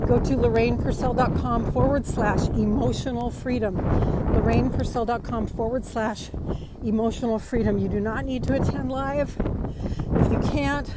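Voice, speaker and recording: A middle-aged woman with a fairly high voice speaks earnestly and repeats her affirmations, a little out of breath as she walks. She holds her phone outdoors on a beach, and heavy wind roars across the mic. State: out of breath from walking. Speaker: spiritual workshop host. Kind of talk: live-streamed beach walk talk. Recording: loud wind noise on the mic.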